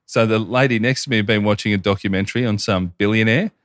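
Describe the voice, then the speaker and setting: A man in his thirties, co-hosting a casual podcast, telling crude, profane stories with animated quoted voices. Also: fairly low pitch, quick pace. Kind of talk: casual chat, storytelling.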